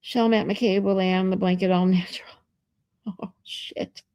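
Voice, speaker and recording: A woman's voice: medium pitch, fairly even intonation, normal speed, a little mellow, smooth, dry recording. A woman live streamer chatting casually with her viewers, reading out and answering their comments and laughing often, from a hotel room.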